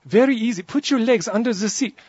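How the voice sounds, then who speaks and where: A man's voice: medium pitch, animated, a little fast, breathy edge, no room sound, dull audio. A man voicing a small, fussy French male flight attendant, polite and insistent.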